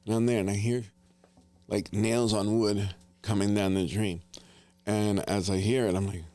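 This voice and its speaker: A middle-aged man from New Jersey hosting a casual family chat, telling hunting stories in an animated way with gasps and laughter. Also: lowish voice, normal speed, dry recording. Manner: animated, laughing storyteller with gasps and whispered asides. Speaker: podcast host, father.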